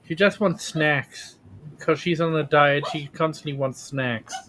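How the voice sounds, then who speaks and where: A man's voice: fairly high pitch, fairly even intonation, measured pace, fairly bright tone. Playful man with a raised voice. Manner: playful, teasing. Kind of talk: casual podcast chat.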